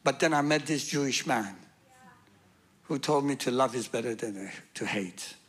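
A man's voice: medium pitch, moderate pace, slightly rough. A man giving a testimony as a guest speaker, acting out the dialogue of his story with humor. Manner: animated, acts out dialogue with humor.

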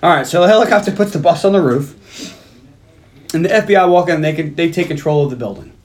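A man's voice: fairly high pitch, fast. Man animatedly recapping a movie. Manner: animated storyteller, acts out scenes with quoted voices and laughs. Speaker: podcast co-host. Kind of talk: casual movie recap chat.

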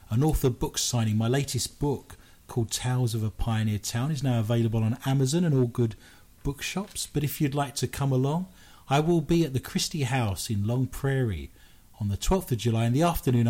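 A man's voice: mid-range voice, a little mellow. A British man hosting a paranormal news radio show, joking and making fun of himself as he talks. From Britain. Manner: playful, jokey, self-mocking.

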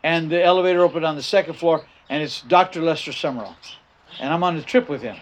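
An older male pastor preaches in a fairly high voice, hammering his key phrases again and again. His sentences often restart before he drives the point home. A faint hum of room ambience sits behind him. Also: fast talker. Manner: emphatic, repeats key phrases, frequent restarts. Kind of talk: sermon with personal story.

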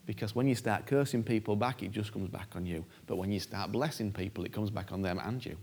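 Gravelly-voiced male preacher. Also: lowish voice, fairly quick, a little mellow. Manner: emphatic, repeats key phrases and acts out prayers. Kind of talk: sermon.

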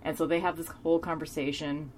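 Drinking beer as she talks, a woman rambles through a casual recap of a TV episode, full of hedging fillers and enthusiastic gushing over her favorite scenes. She speaks quickly in a low, darkish voice with a level tone, and there's slight background noise.

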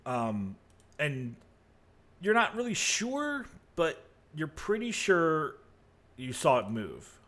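Slow-talking male game master. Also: on the high side. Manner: relaxed, hesitant narration with many fillers. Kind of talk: narrating a tabletop game.

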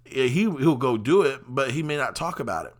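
In a brisk, animated mid-range voice, a podcast host wanders through a personal monologue. He's a talker, rambling freely with frequent fillers.

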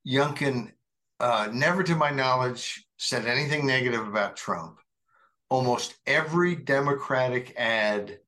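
A man chatting about politics on a talk show, his voice bright and forward. He talks conversationally, circling back with plenty of "uh" and restarts. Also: medium pitch. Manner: conversational, meandering with frequent fillers. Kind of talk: casual political discussion.

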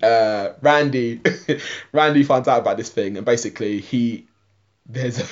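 A man's voice: medium pitch, fairly even intonation, a little slow. Man, podcast co-host, rambling recap, lots of "like", dull lo-fi audio. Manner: rambling retelling, heavy use of "like", frequent laughter. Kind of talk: casual film and TV review chat.

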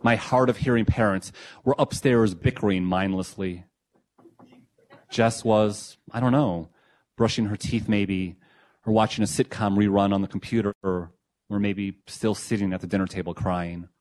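Reflective low-voiced man reading a memoir. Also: fairly even intonation. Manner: reflective, measured, quietly emotional. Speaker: narrator of his own memoir essay. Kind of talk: first-person memoir reading.

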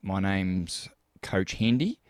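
Kiwi male podcast host, relaxed chatter, slightly low voice, dry close sound. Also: slow pace, smooth, no echo. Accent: New Zealand. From New Zealand. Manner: chatty, easygoing, frequent fillers. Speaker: podcast host and cycling coach. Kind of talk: casual podcast chat.

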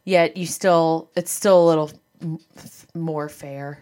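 A woman's voice: deep voice, fairly even intonation, a little slow, darkish tone. A woman in casual sports chat as a co-host, teasing and laughing often.

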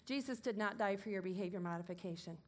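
A woman preaching a sermon, emphatic and commanding, moving between loud declarations and softer asides. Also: mid-range voice, fast talker.

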